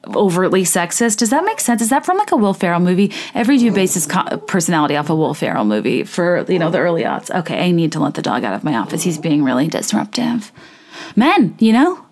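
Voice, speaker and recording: A woman's voice: on the low side, a little mellow, slight background noise. A woman hosting a casual podcast, reading listener stories aloud and reacting candidly and indignantly, with many "like" fillers.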